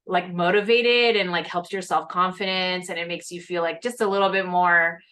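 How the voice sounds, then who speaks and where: A woman's voice: on the low side, steady tone, normal speed, bright, forceful tone. A woman hosting a casual conversation over a video call, speaking in a chatty, reassuring way with many fillers. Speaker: host.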